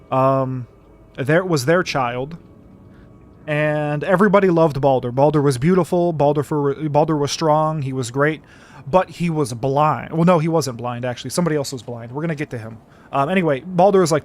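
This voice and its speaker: Young man, gaming streamer, rambling storyteller, swears freely, fairly high voice. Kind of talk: casual livestream commentary.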